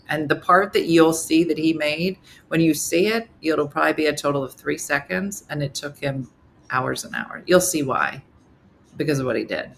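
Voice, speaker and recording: A woman's voice: low-pitched, gravelly, a little hiss or hum. A middle-aged woman hosting a casual live morning show, chatting with viewers and acting out the people in her stories. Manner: animated storyteller, acts out quotes. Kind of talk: casual chat reading viewer comments.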